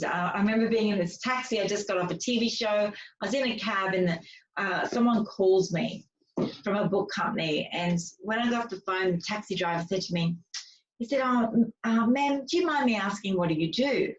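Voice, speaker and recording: A woman speaker and author telling stories in a casual, chatty way, with many fillers and restarts. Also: medium pitch. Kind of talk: casual interview storytelling. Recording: distant, dull lo-fi sound.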